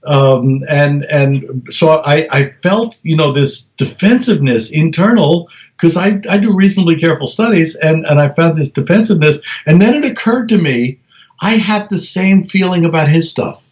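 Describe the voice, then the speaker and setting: A middle-aged man, a researcher being interviewed, talking in a lively storytelling way with many restarts. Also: a little high, moderate pace. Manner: animated storyteller, many restarts, acts out quoted voices. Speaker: guest researcher. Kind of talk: conversational interview. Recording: slightly dull lo-fi audio.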